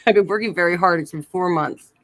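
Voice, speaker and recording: A woman's voice: fairly low pitch, normal speed, a bit bright, no echo. Giggly woman with a slight lisp. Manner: giggly, chatty with chat readers. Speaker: live stream co-host. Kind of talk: casual live stream chat. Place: Airbnb room. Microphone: phone.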